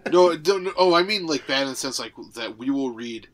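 A man's voice: mid-range voice, animated, moderate pace, slight background noise. A young man co-hosting a podcast, chatting casually and joking around. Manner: jokey, playful, often riffing in silly voices. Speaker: podcast co-host. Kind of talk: casual chat.

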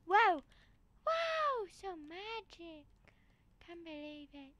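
Bright, high-voiced excitable woman gamer. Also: unhurried, slight background noise. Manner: excitable, gushing, playfully dramatic. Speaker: gaming channel host. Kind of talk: gameplay walkthrough commentary.

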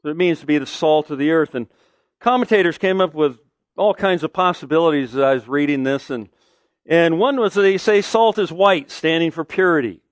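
Male pastor, sermon, emphatic, rhetorical questions, higher voice, dry close sound. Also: normal speed, dry recording.

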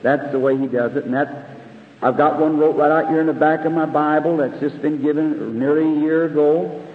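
A man's voice: a little high, steady tone, fairly quick. A man preaching a sermon in an earnest, conversational way, often asking the audience questions, recorded on old tape in a church hall. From United States. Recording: phone-like archival tape in an echoey hall.

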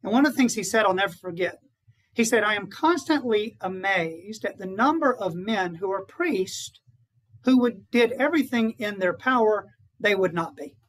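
Earnest priest giving a retreat talk to other priests, keeps asking the room questions. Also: male voice, high voice, lively intonation, moderate pace, fairly bright tone, rough recording.

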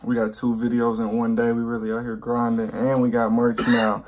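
Slangy, animated man vlogging. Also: mid-range voice, moderate pace, very noisy. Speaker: vlogger promoting his merch. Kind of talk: casual storytelling vlog.

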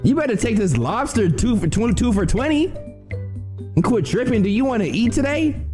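A young man who streams, roasting cartoon clips in a slangy, animated style and calling his chat "bro.". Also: very high voice, a little fast, soft background music. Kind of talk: casual comedic commentary.

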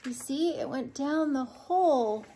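High, slow-reading older woman. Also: slight background noise. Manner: lively, playful voices for the animals. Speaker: grandmother reading aloud. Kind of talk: children's picture book read-aloud.

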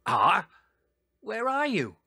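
A man voicing a cheerful, eager young female dinosaur in a storybook reading, talking in a bright, excited way. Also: sits high, slow, husky, voice pushed up, full character voice. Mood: cheery.

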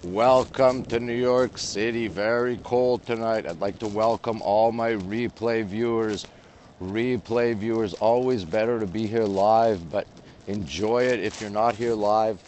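A man's voice: on the low side, fairly even intonation, measured pace, darkish tone. A man hosting a casual live stream from a windy rooftop at night, very cold, chatting and greeting viewers one by one. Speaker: livestream host.

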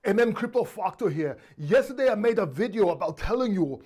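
A man doing an exaggerated impression of an over-excited male crypto YouTuber, with a strained, forced delivery. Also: sits high, a little fast, breathy edge, voice pushed up. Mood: mock-serious. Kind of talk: impression of a video host.

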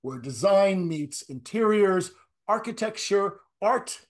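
High-voiced friendly male host. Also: expressive, slow. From Ireland. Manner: friendly, laughs often. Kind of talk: casual chat.

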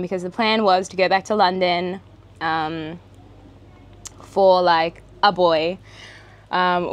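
A young woman from Australia telling her story in a casual vlog while she eats, rambling with many fillers and restarts, sometimes talking with her mouth full. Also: lowish voice. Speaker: vlogger. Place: outdoor eatery.

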